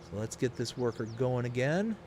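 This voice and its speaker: A man's voice: mid-range voice, animated, moderate pace, darkish tone, a little hiss or hum. A young man from the US South hosting a live game stream, chatting casually and reading chat messages aloud in an upbeat, rambling way. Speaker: livestream host.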